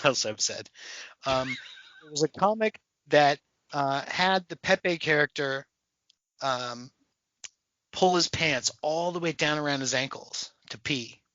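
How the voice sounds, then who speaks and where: A man co-hosting a podcast in casual chat, animated and profane, acting out voices as he tells a story. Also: fairly high pitch, no echo, dull audio. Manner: animated, swearing, acts out people's voices. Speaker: podcast co-host.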